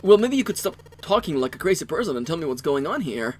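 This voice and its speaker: A man's voice: fairly high pitch, big pitch swings, fast, darkish tone, a little hiss or hum. A man voicing a jumpy, impatient young man who stammers out pushy questions, reading a visual novel aloud. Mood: pressing.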